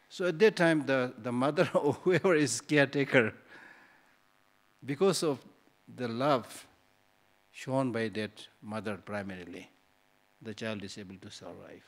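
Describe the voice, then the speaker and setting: A man's voice: mid-range voice, measured pace, pauses often. A male Buddhist teacher giving a dharma talk in a hall, conversational and teasing, full of rhetorical questions.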